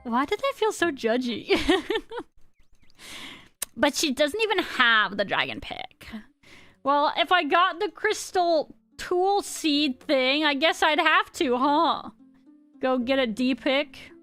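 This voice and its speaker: A woman's voice: sits high, sing-song, takes it slowly, sharp tone, dry recording, faint music behind. A woman in her thirties streaming a game, chatting casually and rambling as she answers her chat, with a slightly sick voice.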